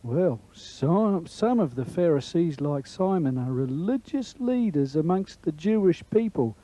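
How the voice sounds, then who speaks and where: A man playing a slow, kindly old father. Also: a little high, expressive, mellow. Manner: slow, hesitant, chuckling. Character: kindly older father, thoughtful. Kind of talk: puppet show Bible story.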